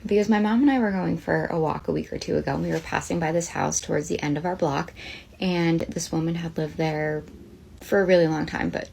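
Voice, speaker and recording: A woman tells a casual storytime, musing aloud and asking questions as she goes. Her voice is low and gravelly. A faint hiss sits under the recording. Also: brisk, darkish tone.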